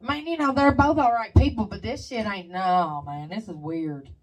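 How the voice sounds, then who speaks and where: A woman's voice: mid-range voice, moderate pace, recorded from a distance, rough recording. Woman co-host, profane, storytelling, sits back from the mic. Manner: swearing, storytelling with mimicked voices. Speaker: podcast co-host. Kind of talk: casual chat.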